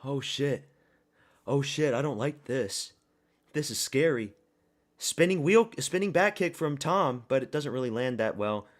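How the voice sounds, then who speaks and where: A man streaming a watch party, giving excitable, profane live reactions to a fight and often repeating himself. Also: medium pitch, a little slow.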